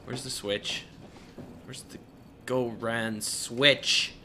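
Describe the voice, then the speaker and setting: A young man giving let's play commentary, thinking aloud and getting emotional, sometimes breaking into high exclaims. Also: steady tone, extremely slow, bright, forceful tone, slight background noise. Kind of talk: gameplay commentary.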